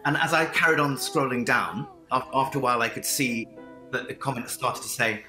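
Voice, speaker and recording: A man's voice: mid-range voice, fast, echoey room, music in the background. A middle-aged man with a posh English accent, a vocal coach telling his story as an interview guest in a theatrical, effusive way. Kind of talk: enthusiastic interview answers. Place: remote link from home with piano.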